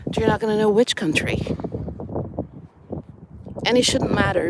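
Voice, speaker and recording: A woman's voice: medium pitch, unhurried, long pauses. A woman from Brazil talking casually to the camera as an English educator, playful and chatty, explaining things with examples while outdoors. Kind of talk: casual vlog talk to camera. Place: outdoors in the snow, on a street with traffic. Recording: outdoor phone recording with clear street noise. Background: passing vehicles and wind.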